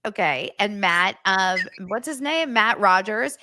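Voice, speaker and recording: A woman hosting a casual chat podcast, telling stories quickly and excitedly, laughing often. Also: medium pitch, no room sound, clean studio sound. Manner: excitable, fast storytelling with lots of laughs. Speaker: podcast host. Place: home studio set.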